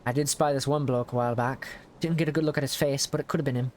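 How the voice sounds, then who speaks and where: Folksy hunter spinning a yarn, as a streamer reads him. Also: male voice, medium pitch, steady tone, quick pace, darkish tone, slight background noise, natural voice. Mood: storytelling. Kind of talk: reading game dialogue aloud.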